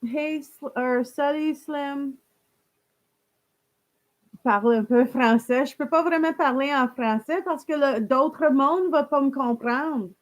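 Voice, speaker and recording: A woman's voice: high-pitched, measured pace. A woman chatting casually on a live stream, reading viewer comments aloud and laughing often.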